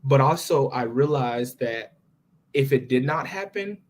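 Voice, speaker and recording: A man's voice: medium pitch, a little slow. A young man in his twenties, a podcast guest, telling his story casually and with feeling, quoting his own thoughts. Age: 20s. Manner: animated, expressive retelling with quoted inner thoughts.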